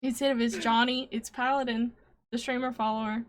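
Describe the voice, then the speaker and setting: A woman's voice: fairly high pitch, level tone, a little fast. A woman co-hosting a casual stream show, teasing her co-host and laughing often. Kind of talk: casual chat.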